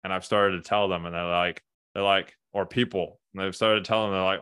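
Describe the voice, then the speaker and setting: Earnest low-voiced man telling his story. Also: fairly even intonation, a little fast, sharp tone, clear, resonant tone, no room sound, studio quality. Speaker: burnout coach, podcast guest. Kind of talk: candid conversational storytelling.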